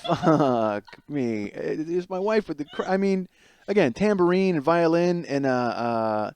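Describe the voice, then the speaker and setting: A podcast host with a high, clear, resonant voice tells a comic story about his home life at a measured pace, with no room sound. Animated and exasperated, he swears often and acts out what was said.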